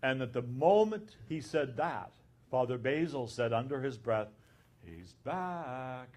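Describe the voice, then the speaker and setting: Speaking at medium pitch with a darkish tone, a male abbot shares an anecdote in a conference talk, taking his time as he recounts the dialogue.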